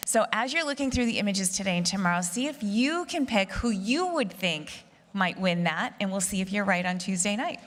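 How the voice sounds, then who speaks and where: A woman's voice: medium pitch, expressive, moderate pace, a bit bright. Woman host announcing in a reverberant hall. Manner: conversational, upbeat announcements. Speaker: competition host. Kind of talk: live event announcing.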